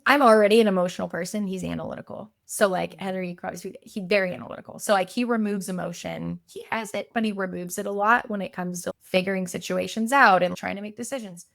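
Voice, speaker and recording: A woman's voice: medium pitch, fairly even intonation, quick pace, creaky, hardly any pauses, fairly bright tone, no echo, studio quality. A woman, a podcast guest, telling her story in a chatty, casual way, full of fillers and acted-out quotes.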